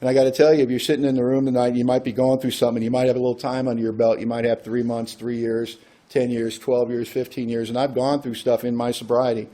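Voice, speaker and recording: A man with a dark, mellow voice talks to a recovery group in a relaxed, conversational way. He tells a personal story and slips into the voices of the people in it. His pitch sits in an ordinary middle range. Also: quick pace. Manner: conversational, acts out quoted dialogue. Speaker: AA workshop speaker.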